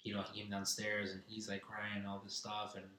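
A man's voice: fairly low pitch, monotone, fairly quick, sharp tone. A young man telling a rambling, profane story in casual chat, heard from a distance in a room. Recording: roomy, distant mic.

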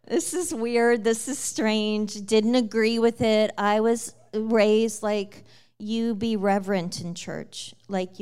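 A woman telling the story of her conversion in a lively, casual way, with many fillers and frequent laughter. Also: mid-range voice, clean tone. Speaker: guest sharing her testimony. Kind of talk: personal testimony storytelling.

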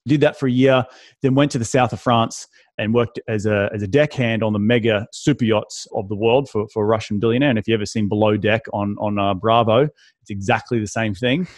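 A man's voice: fairly low pitch, steady tone, fairly quick, no echo. An Australian man in his thirties, telling his story as a podcast guest in a casual, chatty way with frequent restarts.

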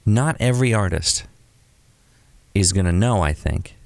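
A man with a notably low, deep voice and vocal fry co-hosts a podcast, chatting casually and unhurriedly about creative work. He's animated, acting out quoted examples to make his points. The sound is dry and close, with no room echo.

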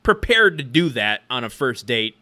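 Male podcast co-host, bright voice, dry wry recapper. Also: medium pitch, sing-song, moderate pace. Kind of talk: casual chat.

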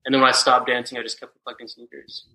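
A young man from Texas chats as a guest, his voice bright and forward. He wanders through his stories with loose fillers and easy asides. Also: mid-range voice, racing, poor audio. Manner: relaxed, rambling storytelling with many fillers. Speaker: podcast guest. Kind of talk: casual chat.

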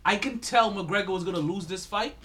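A man's voice: high-pitched, a little fast, a little hiss or hum. A man hosting a casual sports podcast, laughing often and rambling through fight talk with lots of restarts. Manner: laughs a lot, does loud mock voices, rambles with restarts. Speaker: podcast host.

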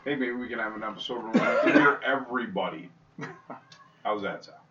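A man's voice: mid-range voice, expressive, brisk, bright, forceful tone, a little hiss or hum. A man co-hosting a casual podcast, making dry jokes. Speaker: podcast co-host. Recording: echoey, distant, lo-fi sound.

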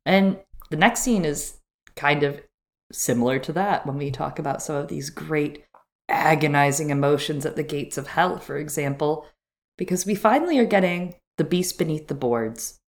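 Low-voiced woman podcast co-host. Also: normal speed. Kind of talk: casual chat.

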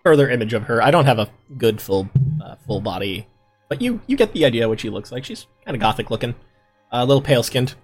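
A man narrating a tabletop game as dungeon master, in a relaxed, chatty way. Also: medium pitch, fast talker, slightly rough, soft background music. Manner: relaxed, chatty, laughs easily.

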